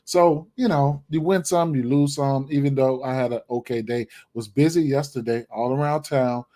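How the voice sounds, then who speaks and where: A man's voice: medium pitch, moderate pace, warm tone. A man giving his sports betting picks in casual, rambling talk, full of fillers and repeated words. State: hiccups, clearing throat.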